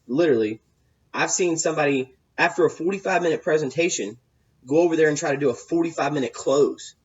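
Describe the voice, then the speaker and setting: A man's voice: fairly high pitch, breathy edge, muffled recording. A man giving casual sales advice, rambling and repeating himself, with many fillers and restarts. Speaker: sales coach.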